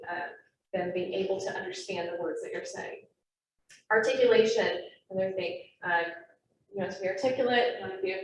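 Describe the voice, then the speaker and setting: A young adult woman giving a quick, chatty training talk to a room of trainees. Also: medium pitch. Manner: quick, chatty, self-aware. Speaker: naturalist training presenter. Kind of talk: classroom presentation to trainees. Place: meeting room with live and online audience. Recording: echoey room, mic far off, faint noise.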